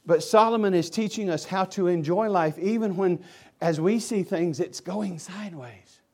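A man preaching a sermon as pastor, impassioned and swinging between loud emphasis and hushed asides. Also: high voice, normal speed.

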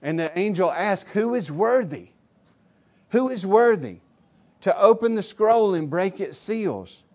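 Slow, high-voiced preaching man. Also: expressive. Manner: emphatic preaching, swinging between loud declarations and low quiet asides. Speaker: pastor. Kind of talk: sermon.

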